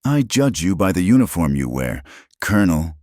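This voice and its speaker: A man voicing a stern army major who speaks quietly and with cold authority. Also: sits low, sing-song, moderate pace, no echo, studio quality.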